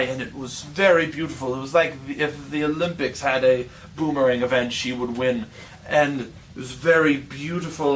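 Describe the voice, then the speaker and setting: A man improvises a rambling, playful tall tale, often correcting himself mid-story. He has a fairly bright, medium-pitched voice, recorded from a distant mic with faint background noise.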